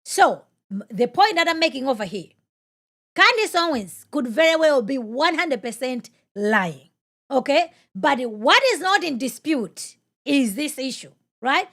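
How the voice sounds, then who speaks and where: High-voiced woman, emphatic preacher-like host. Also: very animated, unhurried, fairly bright tone. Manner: emphatic, fires off rhetorical questions; preacher-like, repeats phrases for emphasis. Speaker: podcast host. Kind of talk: live-stream commentary, reading viewer comments.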